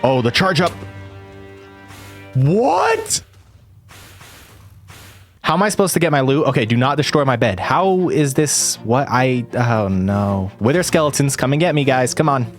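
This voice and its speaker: Excitable young man narrating gameplay. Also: medium pitch, moderate pace, few pauses, soft background music. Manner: excitable, yelps and exclaims during the fight. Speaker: gaming YouTuber. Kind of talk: Minecraft let's play commentary.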